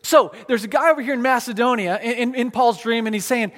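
A man preaching a sermon in a casual, conversational way, pointing things out on a map with plenty of fillers and restarts. His voice sits high for a man. The sound carries a long reverb, as in a big church hall. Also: fast, fairly bright tone. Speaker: pastor.

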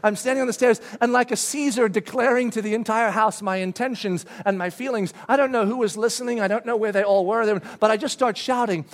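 A middle-aged man telling a family story to an audience, animated, bursting into shouted quotes. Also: high-pitched, quick pace, hardly any pauses.

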